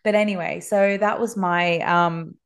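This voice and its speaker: A woman's voice: fairly low pitch, fairly even intonation, unhurried, smooth. Chatty female educator, wanders through a personal story with many asides. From Australia. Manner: rambling, many fillers and asides. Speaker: guest, Montessori educator. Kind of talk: casual storytelling in an interview.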